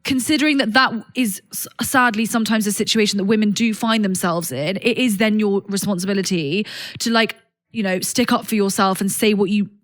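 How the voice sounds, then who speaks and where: A woman's voice: medium pitch, brisk. A woman co-hosting a podcast, talking frankly in casual chat, swearing freely and lecturing earnestly between jokes. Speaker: podcast co-host.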